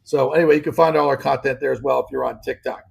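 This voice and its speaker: Man, sports talk show host, gravelly, casual banter, exclaims a lot. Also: medium pitch, steady tone, quick pace. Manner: loose and conversational, exclaims often.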